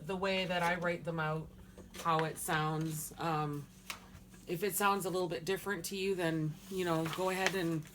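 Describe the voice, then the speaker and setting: A woman's voice: on the low side, noisy background. A woman teaching a language lesson, sounding words out syllable by syllable with patient explanations. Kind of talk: slow pronunciation lesson.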